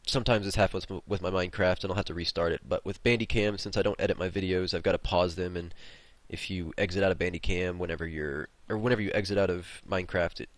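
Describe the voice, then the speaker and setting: Low-voiced rambling gaming host. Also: male voice, fairly even intonation, fast talker, hardly any pauses, dry recording. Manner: rambling, swears freely. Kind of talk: casual storytelling over gameplay.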